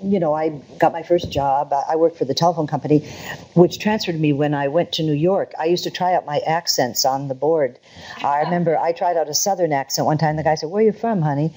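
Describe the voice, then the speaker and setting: A woman's voice: deep voice, brisk, dark tone, rough recording. An older woman from Portland, Oregon, a singer telling wry stories in an interview. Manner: chatty, wry, laughs at her own stories. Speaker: singer and guest. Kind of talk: conversational interview.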